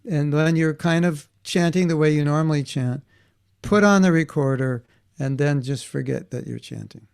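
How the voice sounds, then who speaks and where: Guy with a slightly high, gravelly voice, chatty teacher for a kids class, keeps asking "right?". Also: moderate pace, a little mellow. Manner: conversational, checks in with students, frequent restarts. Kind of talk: online class for children.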